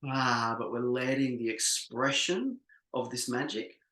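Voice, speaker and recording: A man facilitating an online workshop, leading a slow, soothing guided exercise with many pauses over a video call. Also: medium pitch, lively intonation, fairly bright tone, reverberant, rough recording.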